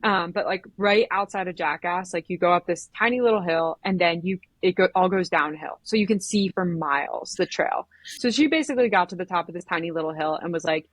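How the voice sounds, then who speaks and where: Relaxed, easygoing woman guest. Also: on the low side, brisk, hardly any pauses, no echo. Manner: relaxed, easygoing, laughs readily. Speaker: guest ultrarunner. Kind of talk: casual interview talk.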